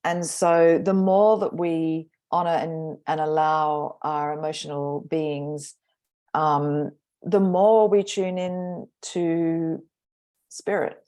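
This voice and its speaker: A woman astrologer talks as a podcast guest in a low voice. She speaks reflectively and takes her time, often trailing off in thought. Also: flat delivery, dark tone. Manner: reflective, slow, trailing pauses. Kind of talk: casual podcast chat.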